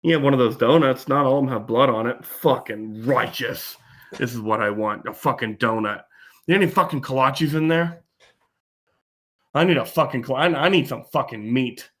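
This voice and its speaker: A man putting on a crude, swaggering male cop with a gruff, profane way of talking. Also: medium pitch, moderate pace, fairly bright tone, close to an everyday voice. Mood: griping.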